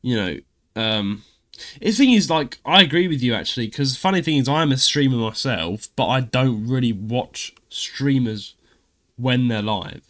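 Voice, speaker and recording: A man's voice: medium pitch, lively intonation, normal speed, fairly bright tone. A man co-hosting a gaming podcast in casual chat, rambling with many fillers and restarts. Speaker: podcast co-host and streamer.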